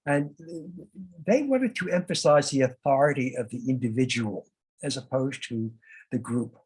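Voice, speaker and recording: A man's voice: medium pitch, normal speed, darkish tone, husky, rough recording. A man leading a discussion for a study group, speaking informally with many fillers and restarts, as if over a video call. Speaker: discussion leader.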